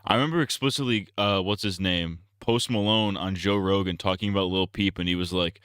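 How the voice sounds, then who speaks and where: A male streamer rants in a loose, profane, blunt ramble, often restarting his sentences. His voice is low and clean, recorded close and dry on a streaming mic. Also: brisk, hardly any pauses, a bit bright, clear, resonant tone, no echo. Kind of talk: casual live-stream rant.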